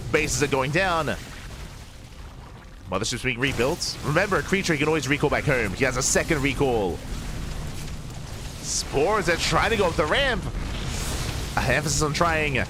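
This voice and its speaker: A man casting a live strategy game match with quick play-by-play, breaking into excited shouts at big plays. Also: mid-range voice. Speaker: esports caster.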